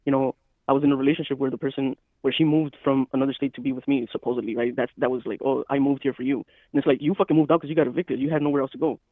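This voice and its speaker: A man joining a podcast as co-host, speaking in rapid, emphatic, profane casual chat. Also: medium pitch, steady tone, no room sound. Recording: tinny phone-like line.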